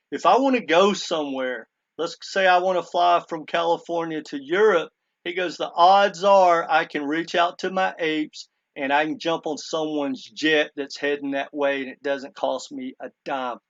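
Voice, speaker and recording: A man's voice, on the high side and a bit bright, speaks a little slowly with fairly even intonation, and the highs are cut off. The crypto commentator earnestly retells a story in a casual monologue, quoting a speaker with repeated "he goes" and addressing viewers as "guys".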